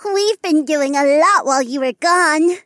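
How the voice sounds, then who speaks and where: A man voicing an excitable, wide-eyed little girl in an audiobook, with a bouncy, breathless manner. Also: very high voice, unhurried, no room sound, studio quality, pitched above the performer's own voice. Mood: excited wonder. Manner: breathless, bouncy, full of wonder. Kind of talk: audiobook narration.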